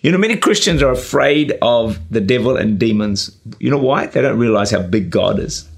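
A man's voice: mid-range voice, lively intonation, normal speed, vocal fry, breathy edge. A man preaching a sermon in an earnest, exhorting way, with frequent "uh" and "you know". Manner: earnest, exhorting, with frequent 'uh' and 'you know'. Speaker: pastor and radio preacher. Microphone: camera-recorded sermon.

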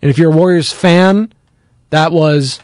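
A man hosting a pregame sports radio show, talking bluntly and casually, with an animated delivery and reading out viewer comments. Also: on the high side, unhurried, no room sound, clean studio sound.

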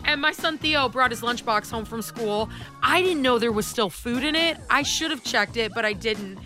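A woman radio host telling a family story in animated casual chat, acting out the quotes. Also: a little high, moderate pace, soft background music. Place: radio studio.

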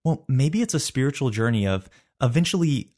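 A man's voice: mid-range voice, lively intonation, a little fast, a little mellow. A man hosting a devotional Bible study, talking in an earnest, reflective and conversational way.

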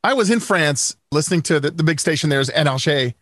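A man's voice: a little high, expressive, quick pace, a bit bright, no room sound, clean studio sound. A man hosting an interview, asking chatty, upbeat questions. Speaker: interview host. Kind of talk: casual interview.

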